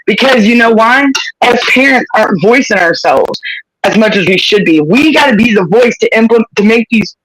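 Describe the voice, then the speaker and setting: A man's voice: high-pitched, lively intonation, moderate pace, fairly bright tone, rough recording. A man hosting a livestream, talking in a passionate, blunt rant and cussing freely. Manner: impassioned, blunt, cusses freely. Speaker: livestream host.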